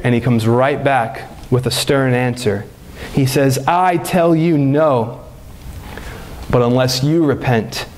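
A man's voice: mid-range voice, darkish tone. A man preaching a sermon as pastor, earnest, his voice climbing when he presses a point. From United States.

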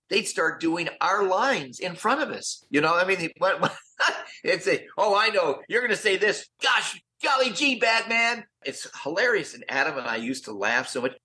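An older man, a guest on an interview show, telling stories with lively enthusiasm. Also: fairly high pitch, a little hiss or hum. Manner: enthusiastic, quick-talking raconteur. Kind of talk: animated storytelling in an interview.

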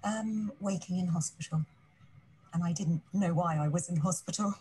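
A woman, a patient answering hesitantly with soft pauses. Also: lowish voice, breathy edge. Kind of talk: interview answers.

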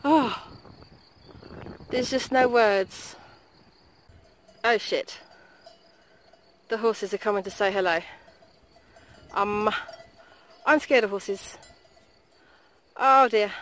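Woman vlogging a hike on her phone, kinda high voice, chatty, swears a lot. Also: slow pace, pauses often, low-quality recording. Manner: excitable, chatty, swears freely. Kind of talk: casual hiking vlog. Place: outdoors on a mountain trail. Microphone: handheld phone camera.

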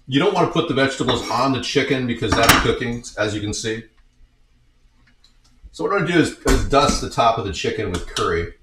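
A man's voice: medium pitch, lively intonation, brisk, noisy background. A man in a home kitchen talking through a recipe in a casual, rambling way with joking asides. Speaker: home cook showing a recipe. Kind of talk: casual cooking demonstration. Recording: echoey kitchen, mic at a distance.

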